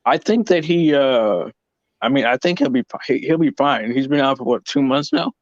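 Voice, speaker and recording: A man's voice: medium pitch, no room sound. Guy on a podcast who keeps tripping over his words, dull dry cheap-mic sound. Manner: halting, stammers and restarts, opinionated. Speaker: podcast co-host. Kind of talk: casual podcast chat.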